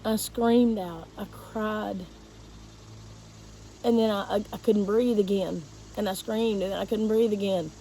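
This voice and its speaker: A woman, a teacher, telling a painful personal story to her viewers in a halting, emotional way. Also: mid-range voice, fairly even intonation, dark tone, a little hiss or hum, low-quality recording.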